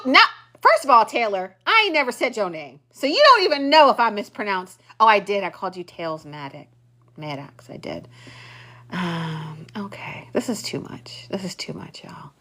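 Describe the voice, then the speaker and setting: Animated bright-voiced woman teasing her class. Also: medium pitch. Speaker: class host. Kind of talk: casual live-class chat with viewers.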